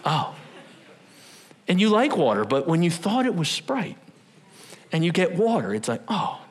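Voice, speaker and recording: Male pastor, lively, humorous sermon voice, fairly high and swinging in pitch. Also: normal speed. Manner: animated and humorous, acting out scenes.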